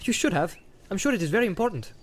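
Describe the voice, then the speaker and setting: Guy doing a chirpy hobbit kid, way higher voice, quick and teasing, storybook reading. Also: lively intonation, a little hiss or hum. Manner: quick, bright, teasing questions. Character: eager young male hobbit, chatty and cheerful.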